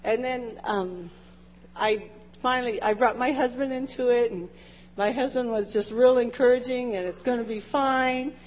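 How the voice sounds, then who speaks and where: A woman gives an emotional personal testimony in church, her husky voice set a little high. The recording is dull and lo-fi, with a long reverb trailing her words. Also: moderate pace. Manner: emotional, laughs and tearful at times. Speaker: church member giving testimony. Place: church sanctuary.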